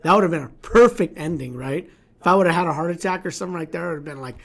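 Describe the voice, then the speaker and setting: A man's voice: a little high, quick pace. A middle-aged man hosting a livestream Q&A, talking bluntly with swearing and acting out his own inner dialogue as he tells stories and gives business advice. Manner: blunt, profane, storytelling with acted inner dialogue. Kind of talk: casual livestream Q&A talk.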